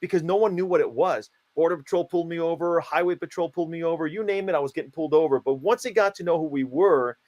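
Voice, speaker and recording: A man giving playfully absurd, mock-stern interview answers in a deadpan comic style. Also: a little high, fast, hardly any pauses, lo-fi sound. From United States. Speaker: guest, self-declared country founder.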